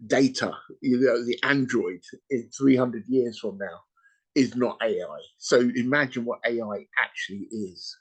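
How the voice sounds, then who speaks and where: A man hosting a podcast, retelling a story in casual chat, animated and peppered with "you know" and "right?". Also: mid-range voice, unhurried, breathy edge. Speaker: podcast host.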